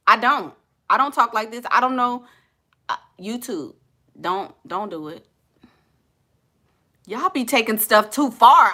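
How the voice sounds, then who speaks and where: A woman hosting a casual live chat, sassy and teasing and quick to laugh. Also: mid-range voice, pushed and bright. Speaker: livestream host.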